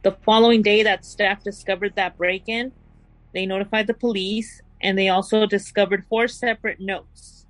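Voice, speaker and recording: A woman hosting a casual true crime podcast, telling the story and reading quotes out slowly and deliberately. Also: mid-range voice, fairly even intonation, no echo, poor audio.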